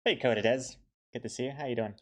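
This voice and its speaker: Guy drawing comics on stream, chatting to viewers, rambly and quick, laughs at himself a lot, ordinary middle pitch. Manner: chatty, self-deprecating, talks to viewers in the chat; quick rambling bursts with many fillers. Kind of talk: casual live-stream chat while drawing.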